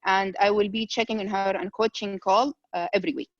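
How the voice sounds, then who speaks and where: A woman's voice: medium pitch, fairly even intonation, brisk, dry recording, dull audio. A woman coach on a video call, answering with brief, eager affirmations.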